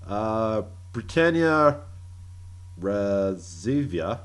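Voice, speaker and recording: A man speaking unhurriedly as he co-hosts a casual podcast. He reads posts aloud, laughs often and swears freely, at a mid pitch. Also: animated, a bit bright. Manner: slow, laughing, crude jokes. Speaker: podcast co-host. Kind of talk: casual podcast banter, reading tweets aloud.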